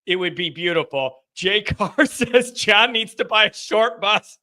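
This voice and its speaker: A man hosting a live fan call-in stream, reading viewer comments aloud and ranting in an animated, sarcastic way. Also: high voice, unhurried.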